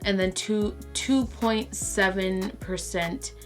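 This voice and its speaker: A woman from Brazil chatting excitedly to camera as a vlogger and stumbling over words. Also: mid-range voice, slow pace, soft background music. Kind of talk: casual chat to camera.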